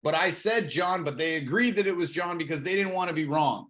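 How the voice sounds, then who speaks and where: Real estate coach guy, kinda high voice, energetic, slows down to hit the key points. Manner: energetic, repeats words when restarting. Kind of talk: sales training talk.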